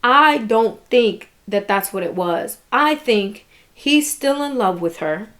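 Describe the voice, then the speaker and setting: A woman's voice: a little high, expressive, takes it slowly, a bit bright. A woman vlogger giving candid, indignant commentary on a documentary, talking casually and swearing now and then.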